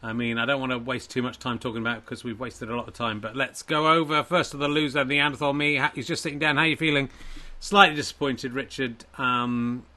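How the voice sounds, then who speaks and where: A man's voice: mid-range voice, flat delivery, fast, hardly any pauses, sharp tone. A man hosting a comedy stream, rambling and joking at himself, with an English accent. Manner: rambling, playful, self-deprecating. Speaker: host. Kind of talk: comedy livestream commentary.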